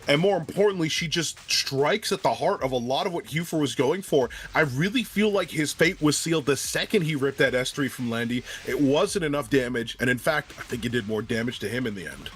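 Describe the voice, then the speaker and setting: A young man casting a live game tournament, breaking down plays quickly with a loose, jokey manner. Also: mid-range voice, lively intonation. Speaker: esports caster.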